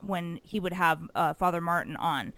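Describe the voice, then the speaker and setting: A woman's voice: fairly low pitch, normal speed, fairly bright tone. A woman hosting a podcast, chatting casually with many fillers. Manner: chatty, filler-heavy, laughs easily. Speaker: podcast host. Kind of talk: casual chat.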